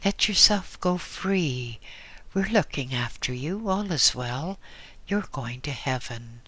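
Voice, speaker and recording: A man voicing hushed, soothing spirit voices that call a dying soul, drawn out slow and coaxing. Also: mid-range voice, animated.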